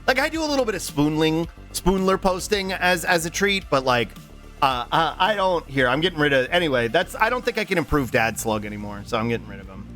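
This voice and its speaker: Young man, casual livestream chatter, high voice, bright tone, rambling with swearing. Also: sing-song, faint music behind. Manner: rambling, swears freely, drops into quick voice impressions. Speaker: streamer.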